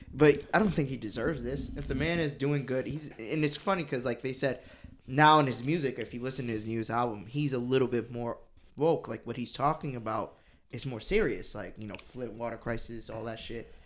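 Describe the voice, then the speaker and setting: A man co-hosting a casual podcast chat, swearing freely and talking with animated energy. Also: mid-range voice, moderate pace. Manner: profane, animated, mock British voice at times. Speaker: podcast co-host.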